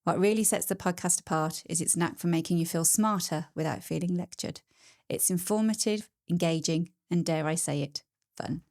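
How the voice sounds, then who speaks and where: A woman's voice: on the low side, normal speed, darkish tone. A woman in her fifties, a podcast guest who reads a review aloud and chats in a self-deprecating way. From United Kingdom. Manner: self-deprecating, laughs often. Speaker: podcast guest, tax specialist. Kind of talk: casual chat, reading a review aloud.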